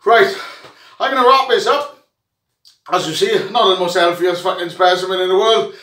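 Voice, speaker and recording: Breathless and puffing, a man from Wales vlogs about rugby in a loud, jokey, expletive-laden comic monologue aimed at the camera. His voice is high and bright and his pace moderate, and the distant mic picks up the room's echo.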